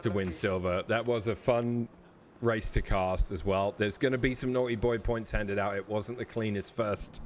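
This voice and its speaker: A man who calls himself a tired old man, casting a sim racing broadcast in a relaxed, chatty way. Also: on the low side, normal speed, slight background noise. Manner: relaxed, yawning and laughing. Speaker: race caster.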